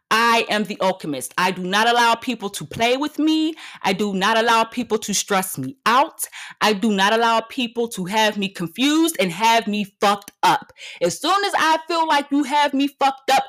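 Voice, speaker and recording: A woman's voice: on the high side, expressive, normal speed, a bit bright. A woman in her thirties rants like a podcast host and talks straight into the mic. She is brash and confrontational. She swears freely and repeats short lines over and over for punch. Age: 30s. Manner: blunt and confrontational. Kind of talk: comedic rant monologue.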